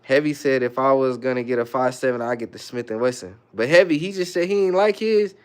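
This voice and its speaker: A man's voice: mid-range voice, a little fast, smooth. A man from the Bay Area hosting a livestream, reading viewer comments aloud in a loose, slangy, muttering way. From San Francisco Bay Area. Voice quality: laid-back, slangy, mutters asides. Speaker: livestream host.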